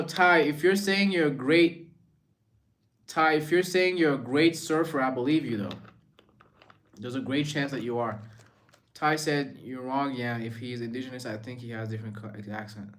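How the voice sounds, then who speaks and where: A man's voice: mid-range voice, steady tone, normal speed, a bit bright. A man hosting a live stream in a casual, rambling way, reading out viewer comments and answering them.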